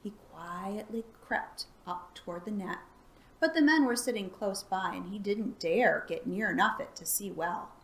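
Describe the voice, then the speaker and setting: A woman reading a children's chapter book aloud for a library storytime, calm and soft-spoken. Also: medium pitch, a little slow.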